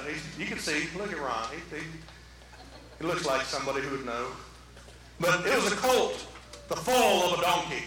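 Folksy preacher, bright high voice. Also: male voice. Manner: folksy, joking asides to the congregation. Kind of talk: sermon. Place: church sanctuary. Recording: echoey church from a distance, faint noise.

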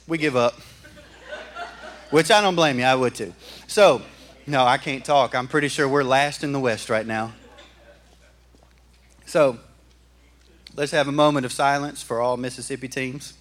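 Folksy pastor preaching. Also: male voice, a little high. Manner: folksy and animated, asking the congregation questions. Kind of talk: sermon. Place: church.

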